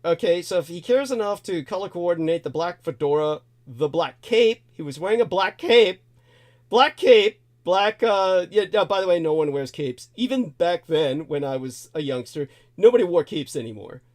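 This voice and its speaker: A man's voice: a little high, lively intonation, moderate pace, hardly any pauses, a little mellow. A male host telling a long personal story in a digressive, repetitive way, chuckling now and then. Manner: digressive, repeats himself, chuckles as he tells it. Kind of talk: rambling spoken storytelling.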